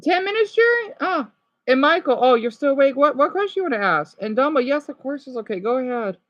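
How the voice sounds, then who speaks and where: A woman livestreaming casually, reading practice words aloud and chatting with her viewers, excitably exclaiming at surprises. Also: high voice, brisk, no room sound. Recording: dull lo-fi sound.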